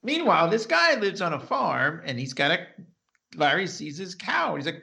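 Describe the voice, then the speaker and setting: A New man with a gravelly, bright voice and a slightly high pitch. He chats casually as a podcast co-host, animated and expressive, slipping into characters' voices as he recaps scenes. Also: moderate pace. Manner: animated, acts out characters' lines while retelling scenes. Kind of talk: casual chat recapping a TV episode.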